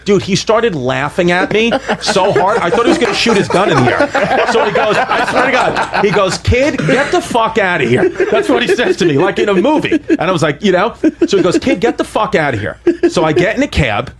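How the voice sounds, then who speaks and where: A man telling a comedic story on a podcast, animated and profane, acting out the lines he quotes. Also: sits high, a little fast, over a noisy crowd.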